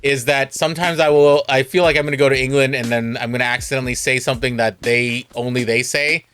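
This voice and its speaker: A man's voice: medium pitch, fairly even intonation, fast talker, hardly any pauses, fairly bright tone, smooth. A Californian man streaming, telling a rambling, self-mocking story with a laugh.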